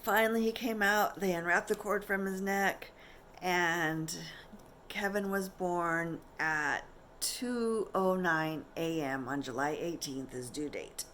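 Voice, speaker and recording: A woman's voice: on the low side, slow pace, a little hiss or hum. A middle-aged woman vlogger telling a personal story to camera in a chatty, candid way, acting out what others said. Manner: chatty, candid, animated retelling with quoted voices.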